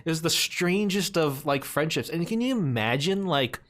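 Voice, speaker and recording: A man co-hosting a podcast, telling a story casually and getting animated and laughing as he goes. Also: on the high side, normal speed. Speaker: podcast co-host.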